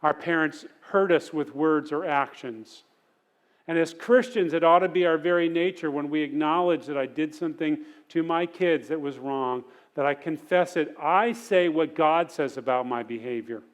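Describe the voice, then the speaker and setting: A man's voice: fairly high pitch, normal speed. A middle-aged man teaching a parenting sermon at church in an earnest, conversational way.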